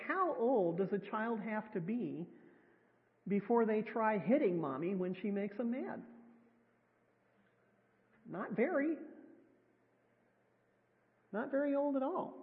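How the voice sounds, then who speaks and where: A woman preacher giving a sermon in a church, talking conversationally with wry, self-deprecating humor. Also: fairly high pitch. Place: church sanctuary. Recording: tinny, echoey hall sound.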